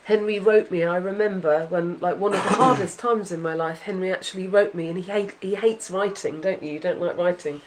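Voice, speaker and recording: A woman's voice: on the low side, fairly even intonation, a little fast, few pauses, background noise. A woman hosting a casual chat with her son, heartfelt and rambling, full of fillers and restarts. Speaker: podcast host, mother.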